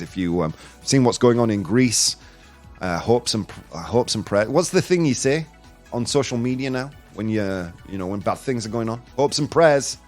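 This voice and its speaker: Man, podcast host, casual news chat, jokey, rambling, very lively intonation, faint music behind. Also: medium pitch. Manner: jokey and rambling, laughs at his own jokes.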